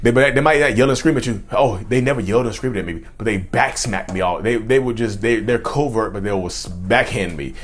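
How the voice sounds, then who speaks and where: A man's voice: on the low side, fairly quick, hardly any pauses, a little hiss or hum. A man giving casual talk-to-camera commentary on mental health, speaking straight to his viewers and often repeating and restarting his phrases.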